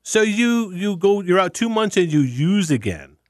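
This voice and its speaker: A man hosting an interview, responsive and prompting, asking quick follow-up questions. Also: sits high, big pitch swings, a little mellow, no echo, studio quality. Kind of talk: conversational interview.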